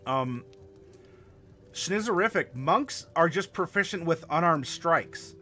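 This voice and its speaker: A man hosting a live tabletop worldbuilding stream, chatting to viewers and halting over fillers as he spells out dice commands. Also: a little high, lively intonation, sharp tone, faint music behind. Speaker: game master and stream host.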